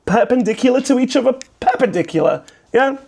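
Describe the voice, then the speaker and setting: A man's voice: very high-pitched, lively intonation, brisk, gravelly, darkish tone. A young man from England with a British accent, chatting casually and jokingly as he reacts to a documentary and explains slang for viewers abroad. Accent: British English. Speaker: YouTube commentator.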